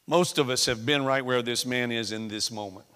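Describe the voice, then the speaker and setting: Bright-voiced male preacher in echoey hall. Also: mid-range voice, moderate pace, clean tone. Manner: emphatic preaching that swings from hushed to shouted. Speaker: pastor. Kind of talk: sermon.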